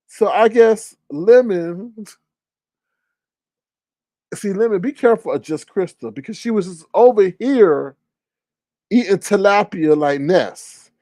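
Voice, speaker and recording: A man hosting casual gossip commentary, talking in an animated, incredulous way and swearing freely. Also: sits high, slow, long pauses, dry recording. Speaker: commentary channel host.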